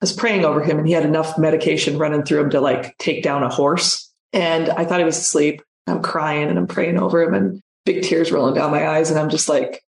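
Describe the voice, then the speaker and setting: A woman's voice: low-pitched, fairly even intonation, fairly quick, creaky, hardly any pauses, roomy sound. A woman guest telling a personal story in conversation, speaking emphatically and repeating phrases for effect.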